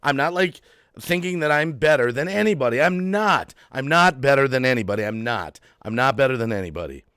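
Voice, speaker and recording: A man hosting his own channel's live stream, agitated and worked up, repeating phrases and swinging between quiet and loud. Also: medium pitch, expressive, fairly quick, clean tone, dry recording, studio quality. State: agitated, heart racing. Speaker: YouTube channel host. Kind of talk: emotional live-stream rant.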